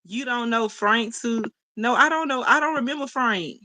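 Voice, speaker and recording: Chatty young woman livestreaming, bright voice. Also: a little high, normal speed. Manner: chatty, laughs often, talks to chat as y'all. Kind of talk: casual livestream chat, reading comments.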